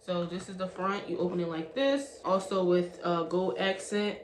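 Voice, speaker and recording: A woman's voice: on the low side, fairly even intonation, normal speed. A young woman, chatting casually to viewers as "y'all" while unboxing and reviewing a product. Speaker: beauty vlogger reviewing a product. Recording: echoey room with faint background hiss.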